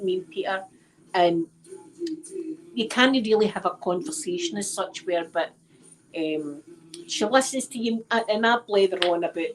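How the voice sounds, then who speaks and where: On a low-quality recording, a mid-range female voice from Scotland chats casually with her livestream audience. Using her phone at home, she rambles and says the same things more than once.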